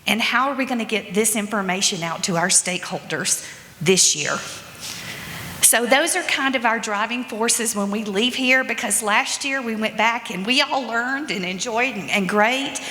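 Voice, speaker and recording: A woman's voice: on the high side, normal speed, sharp tone. A woman, a state education official, speaking candidly and conversationally to a conference audience. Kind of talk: informal audience remarks. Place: conference hall. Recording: echoey large hall.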